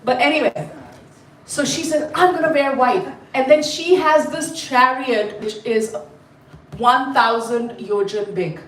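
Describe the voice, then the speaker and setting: A woman from India, telling a story to a class in an animated, chatty way and quizzing her listeners. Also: a little high, slow pace. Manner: animated, chatty, asks the group questions. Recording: roomy, mic at a distance.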